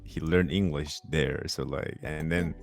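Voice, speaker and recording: A man's voice: a bass voice, fairly even intonation, measured pace, creaky, faint music behind. A man, a Japanese native speaker, telling casual stories on a podcast in English with small grammar slips and frequent laughter. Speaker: podcast host. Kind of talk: casual chat.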